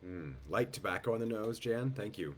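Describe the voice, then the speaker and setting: Male tasting host on a video call, low and throaty from a head cold, slow and descriptive, faint background noise. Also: expressive. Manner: unhurried, descriptive, greets guests by name. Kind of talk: live online wine tasting.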